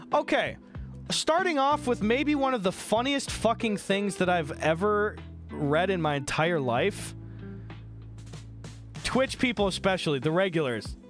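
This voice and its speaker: A man streaming, telling stories to his chat in a loose, profane, laughing way. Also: on the high side. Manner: animated, profane, laughing storyteller. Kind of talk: casual storytelling to chat. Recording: music playing behind the voice.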